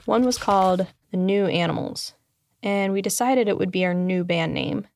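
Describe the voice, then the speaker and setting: A woman telling her own memoir as scripted first-person narration, candid, dry and deadpan. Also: mid-range voice, creaky.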